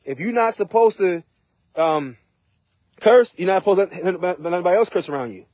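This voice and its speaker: A man's voice: sits high, lively intonation, moderate pace, darkish tone, dry recording. A man preaching an informal sermon in a conversational way, often asking "right?" and "you know". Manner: conversational, repeats rhetorical questions.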